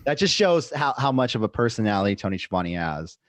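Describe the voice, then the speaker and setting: A man's voice: fairly low pitch, big pitch swings, fast talker, no echo. A man hosting a podcast, chatting casually and recapping wrestling events in a chatty, easily amused way. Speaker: podcast host.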